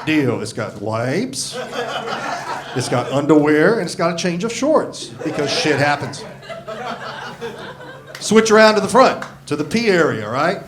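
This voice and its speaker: A man in his sixties doing a crude, self-mocking stand-up set on a club stage, swearing freely into a handheld mic. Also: high voice. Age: 60s. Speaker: stand-up comedian. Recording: live club audio with crowd laughter. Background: audience laughing.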